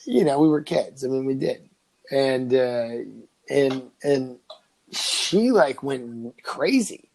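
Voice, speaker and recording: A young man rambles through a story on a casual podcast, stopping and restarting and padding his talk with fillers. He swears freely and keeps the delivery loose and conversational. His voice sits at an ordinary middle pitch. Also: animated, slow, a little mellow, poor audio. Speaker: podcast co-host.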